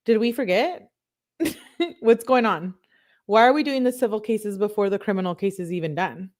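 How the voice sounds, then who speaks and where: A woman hosting a livestream, reacting to a court hearing with outraged, rapid-fire rhetorical questions and swearing. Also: mid-range voice, darkish tone. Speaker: livestream host. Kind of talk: live reaction commentary.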